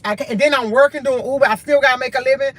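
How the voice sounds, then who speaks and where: Weary woman speaking with a high voice. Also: very fast, no room sound. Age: adult with a school-age son, in college. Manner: weary, earnest, speaks in short repeated phrases. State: tired. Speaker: livestream host. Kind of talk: candid livestream talk.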